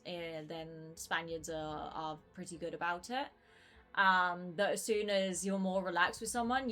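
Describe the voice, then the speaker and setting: A young woman in her twenties chats casually on a game stream. She rambles with plenty of fillers and restarts. Her voice sits a little low for a woman. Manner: chatty, rambling, many fillers. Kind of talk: casual gaming stream chat.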